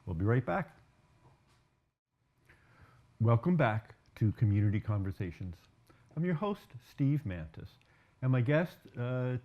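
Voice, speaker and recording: A man hosting a community television interview, measured, summing up his guest's points. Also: medium pitch, narrow, tinny audio. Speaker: host.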